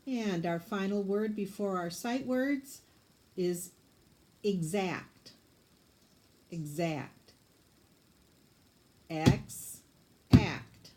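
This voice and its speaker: A woman teaching spelling, dictating words slowly and patiently and sounding them out letter by letter. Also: medium pitch, lively intonation, darkish tone.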